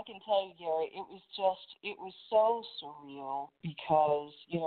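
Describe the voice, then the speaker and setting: A woman, a former TV reporter, telling animated stories in an interview, acting out quotes and laughing as she goes. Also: deep voice. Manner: lively anecdote-telling with laughs and acted-out quotes. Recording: phone-like narrow sound.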